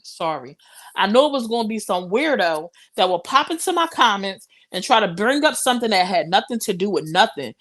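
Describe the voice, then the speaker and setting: A woman's voice: mid-range voice, sing-song, a little fast, fairly bright tone. Impassioned woman hosting a live stream. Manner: impassioned, preachy, talks straight to viewers. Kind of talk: casual live-stream commentary.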